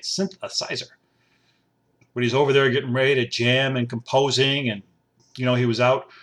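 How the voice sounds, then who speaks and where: Podcast host, older man from upstate New York, playful rambling monologue, faint music underneath. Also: mid-range voice. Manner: playful, riffing, repetitive asides. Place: home studio.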